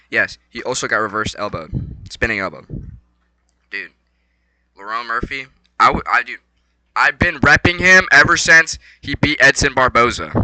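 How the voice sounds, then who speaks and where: Young man, very bright tone, mid pitch, casual slangy fight recap, excitable, jumps from mumbling to shouting. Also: no echo, poor audio. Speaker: vlogger.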